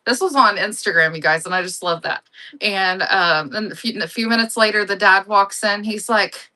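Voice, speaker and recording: Woman, live auction seller, casual chat, gushing, rambling, bright tone. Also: mid-range voice, normal speed. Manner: chatty, gushing, rambling storyteller.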